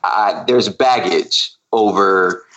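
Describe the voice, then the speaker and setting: A man chatting as a podcast guest, telling a story in an animated way and acting out his own exasperated asides. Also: deep voice, slow pace, highs cut off. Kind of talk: casual chat.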